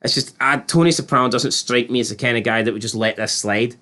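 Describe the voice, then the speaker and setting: A man with a mid-range voice talks fast while co-hosting a casual podcast reviewing a TV episode. Chatty and incredulous, he rambles through animated retellings of scenes, quoting characters' voices.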